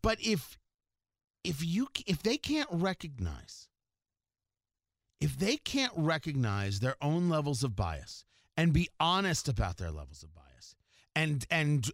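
A male talk show host in full opinionated-monologue mode, with a fairly high voice that swings up and down a lot. He restarts and repeats words as he pushes his points, and he sounds dry and close to the mic. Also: no echo. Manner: animated, emphatic, with frequent restarts and repeated words.

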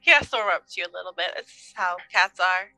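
A woman's voice: on the low side, fast, no room sound, faint music behind. A woman playing a tabletop role-playing game, chatting casually and giggling often. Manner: giggly, animated. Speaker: player.

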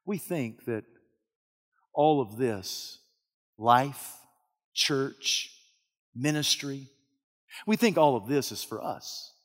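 A man preaching a sermon, telling a story in the second person and swinging from hushed tones to shouting. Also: medium pitch, lively intonation, slow, pauses often, long reverb tail. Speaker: pastor.

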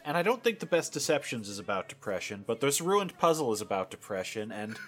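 A man's voice: mid-range voice, big pitch swings, fairly quick. A man co-hosting a casual music podcast, giving dry, sarcastic criticism. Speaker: podcast co-host. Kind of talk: casual chat.

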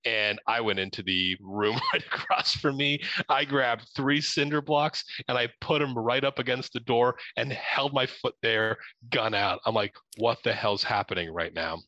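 Young man from Ohio, animated storyteller, bright tone, dry sound. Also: mid-range voice, unhurried, hardly any pauses, no room sound, dull audio. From Ohio, USA. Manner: animated, laughing, acts out his own lines.

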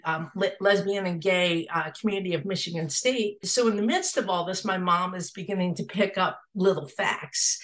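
A woman in her sixties telling a personal story in an interview, lively and animated in how she tells it. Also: mid-range voice. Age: 60s. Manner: lively, acts out family dialogue.

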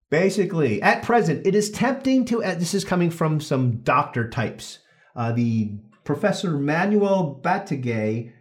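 Animated, joking male podcast host. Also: medium pitch. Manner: animated, joking, often restarts and corrects himself. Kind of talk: casual podcast chat reading through a study.

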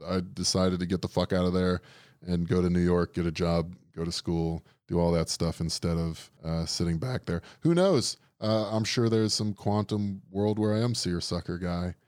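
Young guy from new orleans rambling thru funny stories, lowish voice, dry close mic. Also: normal speed, darkish tone, no echo. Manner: wry, rambling, laughs at own stories. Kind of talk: casual storytelling chat.

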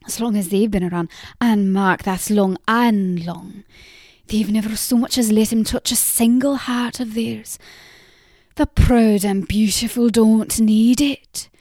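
A woman voicing a gossipy, impatient old peddler woman who talks in a loud, rustic, chattering way in an audiobook. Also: on the high side, a little slow, no echo, clean studio sound. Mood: gossiping. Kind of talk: audiobook character voice.

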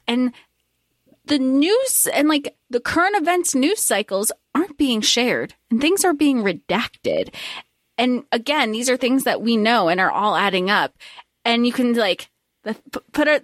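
Woman co-host, animated and jokey, bright higher voice, dry close mic. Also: no echo. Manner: animated, jokey, acts out characters' lines. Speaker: podcast co-host. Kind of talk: casual book discussion.

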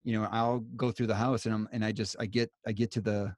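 A man's voice: fairly low pitch, flat delivery, fast, a little mellow, no room sound, clean studio sound. A man hosting a podcast, talking in a rambling, reflective, self-deprecating way. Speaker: podcast host. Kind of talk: casual conversation.

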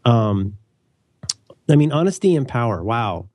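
A male podcast host in casual chat, jokey and animated. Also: mid-range voice, unhurried, dry recording.

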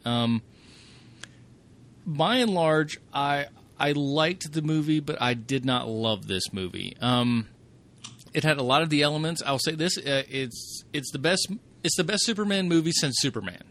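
A man's voice: on the high side, lively intonation, normal speed, fairly bright tone. A man co-hosting a casual podcast chat, joking and swearing as he talks. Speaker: podcast co-host.

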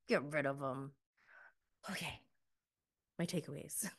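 Woman vlogger recapping a show; slow, bright, emphatic delivery, laughs easily. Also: medium pitch, lively intonation, clean tone. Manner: chatty, emphatic, laughs often, filler "like". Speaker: TV recap reviewer. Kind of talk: casual recap commentary.

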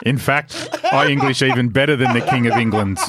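A man's voice: mid-range voice, a little fast, heavy background noise, lightly acted. A man reading out a comic letter as a vain male racing legend who boasts in mangled, grand English. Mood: pompous. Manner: read as a letter, pompous, broken boastful phrasing.

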